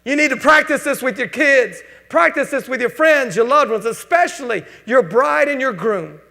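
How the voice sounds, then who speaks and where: A man's voice: very high-pitched, lively intonation, normal speed, creaky, bright, forceful tone. A man preaching a sermon as pastor, mixing scripture readings and spoken prayers with casual asides. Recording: long hall reverb.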